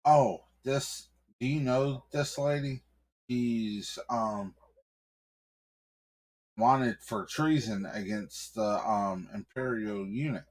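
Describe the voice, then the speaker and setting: A man voicing a nervous, officious young male cop in an improvised story, pushing his voice up high and eager. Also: slow.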